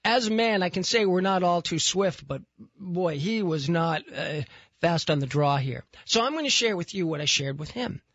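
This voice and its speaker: A man hosting a talk radio show, telling a story in an animated, exasperated way. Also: sits high, moderate pace, no room sound, highs cut off. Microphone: studio microphone.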